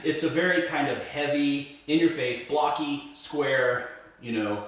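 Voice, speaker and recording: A man's voice: a little high, unhurried, a bit bright. A male violin teacher walking through a piece step by step, explaining patiently and checking in with a frequent "right?". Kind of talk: step-by-step music lesson. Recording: roomy echo, mic set at a distance.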